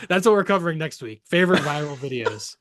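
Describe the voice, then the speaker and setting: A man co-hosting a podcast in casual chat, sarcastic and quick to swear, from the Boston area. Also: a little high. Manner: animated, sarcastic, swears freely. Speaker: podcast co-host.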